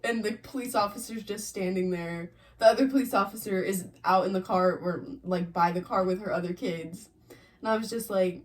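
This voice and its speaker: A woman's voice: medium pitch, normal speed. A woman co-hosting a podcast, telling a story at an easy pace. Her voice sits in a middle range and sounds a little distant from the mic. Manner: relaxed storytelling, frequent laughs. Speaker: podcast co-host. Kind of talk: casual chat.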